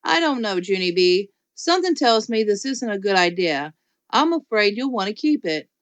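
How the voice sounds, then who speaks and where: A woman voicing a patient, no-nonsense mother in an audiobook, calm and quiet. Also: medium pitch, normal speed, no echo, natural voice. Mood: firm. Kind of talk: audiobook character voice.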